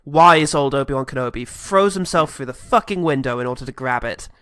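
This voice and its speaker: A man's voice: a little high, fairly quick, sharp tone, no room sound, clean studio sound. A man co-hosting a comedy podcast, talking in a sarcastic, profane, jokey way and slipping into mock voices. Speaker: podcast co-host. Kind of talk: casual comedic film chat.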